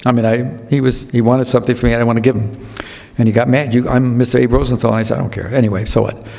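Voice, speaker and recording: Man in his 80s, rambling storyteller, stops and restarts sentences, mid-pitched voice, long hall reverb. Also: steady tone, racing, creaky, mellow. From United States. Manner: rambling, with self-interruptions and restarts; acts out other people's lines in quotes. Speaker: guest speaker. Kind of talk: storytelling anecdotes at a public talk.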